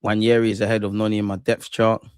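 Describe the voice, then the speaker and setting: A man's voice: fairly low pitch, little pitch movement, quick pace, clean tone, no room sound. A young man, commentating a football match live and chatting with viewers in a slangy, ranting way. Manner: slangy, ranting, talks back to chat. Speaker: football watch-along streamer. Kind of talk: live casual commentary and chat.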